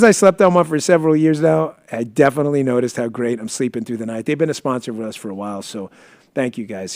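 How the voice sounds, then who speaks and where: A man hosting his own live-stream show, reading an ad and telling stories in an animated, emotional way while sniffling. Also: medium pitch, dry recording. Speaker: podcast host. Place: studio.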